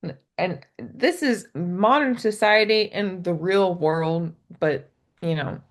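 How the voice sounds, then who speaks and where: A woman in casual conversation who tells stories with animated energy and laughs often. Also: on the low side, slow. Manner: giggly, animated storytelling. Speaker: podcast guest. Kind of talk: casual chat.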